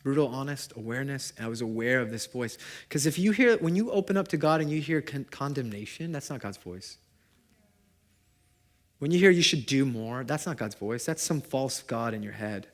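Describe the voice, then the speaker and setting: A young adult man preaching a sermon to his congregation in a conversational way, asking them questions and moving between loud and hushed. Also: mid-range voice, lively intonation, normal speed. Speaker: pastor. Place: church service before a congregation.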